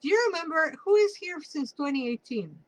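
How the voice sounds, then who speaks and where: A woman's voice: high voice, animated, fairly quick, rough recording. Chatty woman with a Mexican Spanish accent. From Mexico City. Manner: chatty, rambling, drifts into personal asides. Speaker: tarot reader. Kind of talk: casual tarot reading for viewers.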